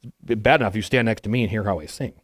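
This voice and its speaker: A man's voice: lowish voice, rapid-fire, no room sound, studio quality, close to an everyday voice. A man, a pastor, voicing a smug, self-important male Pharisee who shows off his holiness in a sermon. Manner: boastful, self-congratulating.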